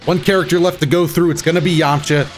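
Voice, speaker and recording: A man giving live commentary on his own fighting-game matches, excitable, swinging between muttering and shouting, his throat a bit rough. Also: a little high, fast, soft background music. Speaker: gaming YouTuber.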